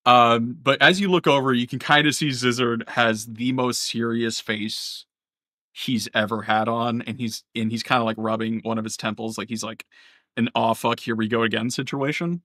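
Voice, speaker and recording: A man narrates a live tabletop role-playing game as its dungeon master. He talks casually, with lots of filler words and swearing. His voice is bright, at a middle pitch, and the sound is dry. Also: steady tone, moderate pace, no echo. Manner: casual and profane, many fillers and laughs.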